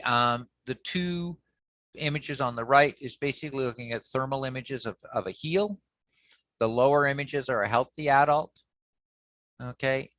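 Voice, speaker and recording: Guy giving a lecture on his slides, lots of um and okay, mid pitch, dry close sound. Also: bright, forceful tone, no echo. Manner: conversational, frequent "okay" and "um" fillers, self-corrections. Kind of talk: academic lecture.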